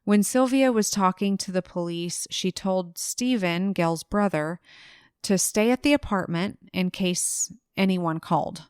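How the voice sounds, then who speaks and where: A woman co-hosting a casual true-crime podcast, telling the case in a relaxed way and laughing easily. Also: lowish voice, unhurried, clean tone, no echo, clean studio sound. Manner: relaxed storyteller, laughs easily, acts out quotes briefly. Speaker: podcast co-host narrating the case.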